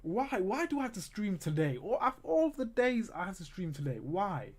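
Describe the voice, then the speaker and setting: With a high, sing-song voice at a moderate pace, this livestream host watches a football match along with his audience. He groans and rants at the game in exasperation while talking straight to the viewers in his chat.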